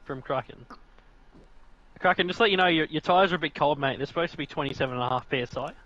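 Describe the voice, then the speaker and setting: A man's voice: fairly high pitch, fast, pushed and bright, no room sound. Man co-hosting over dull lo-fi audio. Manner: chatty, laughing often, teasing. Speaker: stream co-host. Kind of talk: casual live-stream chat and race commentary.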